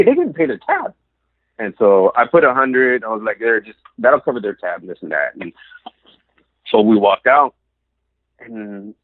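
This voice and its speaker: A man's voice: lowish voice, husky, no echo. A man telling a story as a podcast guest, acting out every quoted line. He comes through a narrow, phone-like line. The sound is dry and close. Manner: animated, acts out quoted lines.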